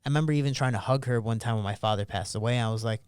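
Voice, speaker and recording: This MMA fighter in his thirties speaks very fast as a podcast guest, his mid-range voice smooth with a darkish tone. Chatting casually in an interview, he shares personal stories candidly and performs the voices of people he quotes. The studio-quality audio has no echo.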